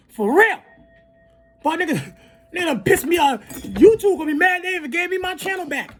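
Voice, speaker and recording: High voice, angry vlog rant, profane, loud-to-quiet swings, apologetic asides, repeated "you feel me". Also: lively intonation, moderate pace. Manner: profane, fired up, swings between shouting and muttering; apologetic asides between outbursts. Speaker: video creator. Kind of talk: heated spoken rant to viewers.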